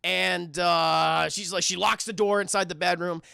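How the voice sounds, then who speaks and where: High raspy streamer guy swearing thru a movie recap, lots of uhs, bright, dry sound. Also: steady tone, measured pace, dry recording. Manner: profane, rambling, many fillers. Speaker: streamer reviewing a film. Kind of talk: casual spoiler recap to chat.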